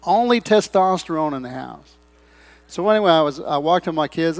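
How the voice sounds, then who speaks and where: A middle-aged man preaching a sermon in a church, breaking into loud swells and rambling asides. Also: on the high side, expressive, moderate pace. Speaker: pastor. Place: church sanctuary.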